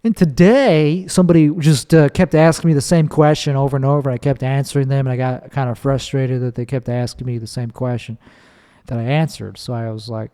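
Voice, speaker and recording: A man's voice: mid-range voice, fairly even intonation, a little fast, mellow, smooth. A man hosting his own podcast, rambling casually and swearing freely as he tells a story. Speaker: podcast host. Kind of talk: casual solo monologue. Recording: long echoing reverb.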